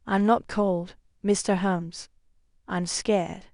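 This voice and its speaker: A woman playing a frightened young client, gravelly. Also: medium pitch, steady tone, takes it slowly, a little mellow, no room sound, clean studio sound. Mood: worried. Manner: anxious, pleading.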